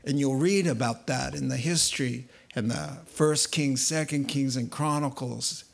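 A man preaching a sermon, telling the story in a lively way and acting out the voices he quotes. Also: medium pitch, measured pace, creaky. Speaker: pastor.

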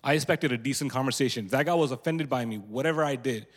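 Young man, candid storyteller, church-event speaker, long hall reverb, mid-pitched. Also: fast. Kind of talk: personal testimony talk.

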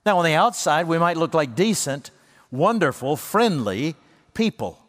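Man, pastor, sermon, earnest and emphatic, slightly high voice, long hall reverb. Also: animated. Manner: earnest preaching, slow emphatic phrases rising for quoted words.

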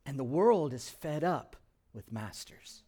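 A pastor preaching a sermon, asking rhetorical questions and swinging between emphatic and hushed delivery. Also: male voice, mid-range voice, animated, takes it slowly.

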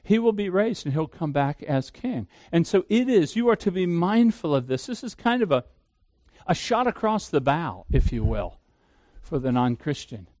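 A man's voice: fairly high pitch, very animated, normal speed, darkish tone, dry recording, studio quality. A man preaching a sermon as pastor, emphatic, asking the listeners questions and answering them himself.

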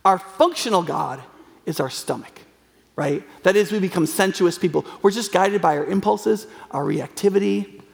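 A man with a high voice preaches in an earnest, conversational way, often breaking into fillers and restarts. His words ring out with a long reverb, as if carried through a large hall. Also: moderate pace, gravelly. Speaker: pastor. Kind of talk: sermon.

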